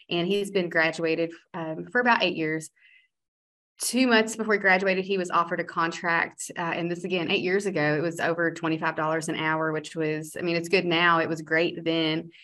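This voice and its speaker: A woman's voice: lowish voice, fairly bright tone. A woman community college educator telling a student story on a webinar panel, earnest and reflective.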